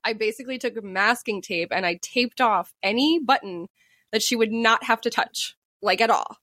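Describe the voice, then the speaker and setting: Bright, chatty woman podcast host. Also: fairly high pitch, normal speed, no room sound. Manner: chatty storyteller, laughs often. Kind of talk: casual chat.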